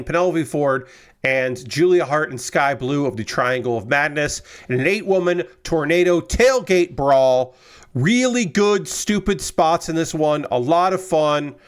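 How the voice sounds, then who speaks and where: A young man talks casually to a stream audience, rambling and exasperated. He swears freely and keeps firing off questions, his voice sitting a little higher than most men's. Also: fairly bright tone. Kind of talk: casual chat while building a model kit.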